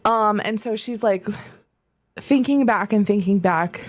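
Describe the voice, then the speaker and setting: A woman's voice: mid-range voice, measured pace. A woman narrating a tabletop game as game master, chatty and descriptive, laughing often.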